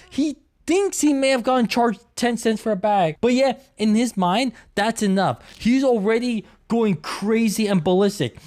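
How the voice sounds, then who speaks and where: A man's voice: very high-pitched, a little mellow. A young man telling a story from his retail job in an exasperated, ranting way. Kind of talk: storytime commentary.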